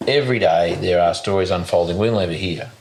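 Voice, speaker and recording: A man hosts a relaxed podcast interview, speaking in a fairly low voice. He talks haltingly, stacking fillers and false starts as he circles his point. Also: slight background noise. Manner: halting, many fillers and restarts. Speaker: podcast host. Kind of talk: casual interview chat.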